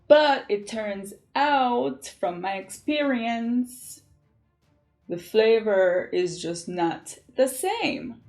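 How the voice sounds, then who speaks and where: A young woman from Jamaica with a Jamaican accent, chatting casually to camera in an animated way and laughing often. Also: fairly high pitch, drawn-out words, faint music behind. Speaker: vlogger.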